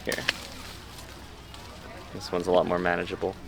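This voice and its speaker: A man talking casually to the camera as a fitness vlogger, explaining in a relaxed way with lots of fillers, outdoors at a farm orchard. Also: sits low, moderate pace, creaky, a little hiss or hum. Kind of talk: casual vlog talk to camera.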